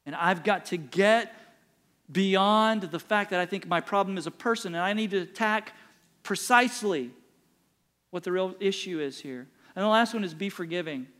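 A man's voice: high voice, normal speed, a bit bright. A middle-aged man preaching a sermon as pastor, emphatic and repeating phrases for punch.

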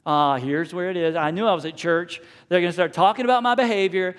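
High-voiced preaching man. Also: fairly quick, few pauses, fairly bright tone, clean tone. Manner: preaching with rhetorical questions and acted quotes. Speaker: pastor. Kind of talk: sermon.

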